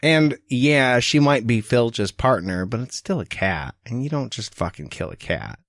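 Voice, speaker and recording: Animated swearing male podcast co-host. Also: mid-range voice, a little slow, dry recording, clean studio sound. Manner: animated, profane, acts out quotes. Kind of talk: casual book-discussion chat.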